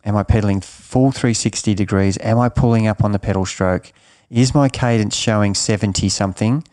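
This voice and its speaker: A man's voice: lowish voice, fairly quick, a little mellow, no echo, studio quality. A middle-aged man giving emphatic coaching advice in an interview, often repeating and restarting his words. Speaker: triathlon coach.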